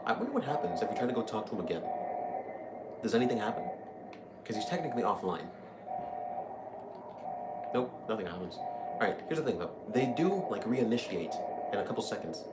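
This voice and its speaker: A man's voice: lowish voice, sing-song, fairly quick, long pauses, heavy background noise. A young man giving casual, chatty commentary while playing a video game, easily amused. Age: young adult. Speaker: gaming video host. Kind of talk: casual let's-play commentary.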